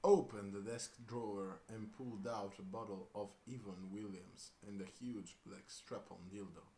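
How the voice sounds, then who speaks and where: Male reader, lowish voice, jokey asides, echoey home room. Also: steady tone, moderate pace, dark tone. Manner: laughs and breaks off with asides. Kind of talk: comedic reading of a crude story. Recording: roomy room with faint hiss.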